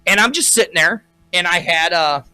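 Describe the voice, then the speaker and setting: Guy cohost rambling thru a story, bright lively voice, kinda high. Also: normal speed, clean tone, dry recording. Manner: rambling storyteller with frequent restarts. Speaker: co-host. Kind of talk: casual chat.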